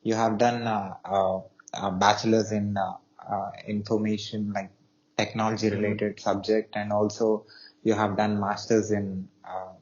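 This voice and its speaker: A male host in a casual interview, talking hesitantly with many pauses and fillers. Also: lowish voice, flat delivery, darkish tone, muffled recording.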